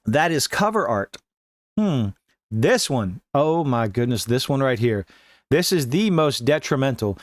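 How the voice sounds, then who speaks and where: Sarcastic man with a lively pitch. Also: dry recording, clean studio sound. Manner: sarcastic, mocking asides. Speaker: commentary host. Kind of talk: reading and commenting on a news article.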